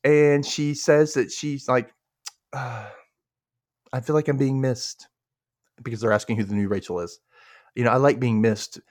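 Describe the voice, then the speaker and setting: Speaking a little slowly with frequent pauses, this podcast host has a mid-range voice captured in echo-free studio quality. He's a young man from Mississippi who recaps a show conversationally, laughing a lot, staying animated, and performing the characters.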